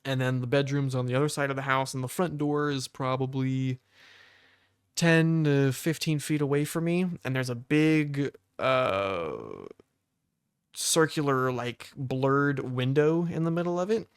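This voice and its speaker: This young co-host's voice has a medium pitch and a clear, resonant tone, delivered a little slowly. He narrates an informal podcast story with animation, heavy "like" usage and acted-out quotes, recorded dry at studio quality.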